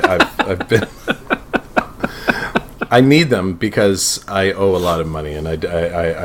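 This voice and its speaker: A man's voice: sits low, slight background noise. A man co-hosting a podcast in casual chat, rambling, swearing and laughing often. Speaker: podcast co-host.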